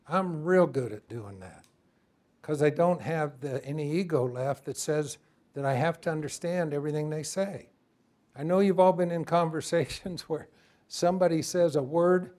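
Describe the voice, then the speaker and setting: Lively man lecturing a class. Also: fairly high pitch. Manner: lively, talks to the class and asks for input. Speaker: instructor.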